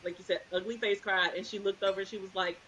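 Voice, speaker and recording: A woman's voice: medium pitch, steady tone, fast talker, fairly bright tone, dull audio, a little hiss or hum. A woman co-hosting a podcast, telling stories and teasing in casual chat. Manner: storytelling, teasing. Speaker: podcast co-host.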